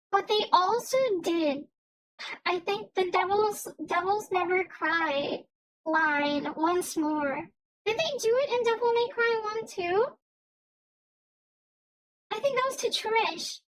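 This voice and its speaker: Young female streamer, very high squeaky voice, slow easy delivery, chatty and rambling. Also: a bit bright, low-quality recording. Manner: rambling, stammers and restarts often. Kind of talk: casual livestream chat.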